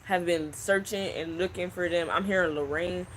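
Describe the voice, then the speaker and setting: Man in his 20s, psychic reader, hushed halting delivery, crickets in background. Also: high voice, steady tone, a little hiss or hum. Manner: slow, hushed, halting and emotional. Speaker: psychic channel host. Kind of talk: spiritual reading, unscripted. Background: crickets and insects.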